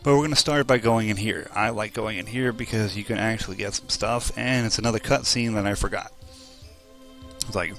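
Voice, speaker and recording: A man's voice: fairly low pitch, brisk, a bit bright, faint music behind. A young man casually commenting on his role-playing video game session, rambling and joking at his own expense, recorded on a desk mic at home. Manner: joking, rambling, laughs at himself. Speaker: let's play host.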